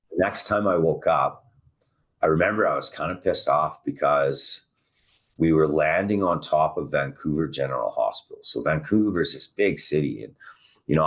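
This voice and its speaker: A man telling his own survival story in a raw, intense way, his voice rising and dropping with emotion. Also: fairly bright tone. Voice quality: very deep husky voice. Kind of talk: emotional first-person storytelling.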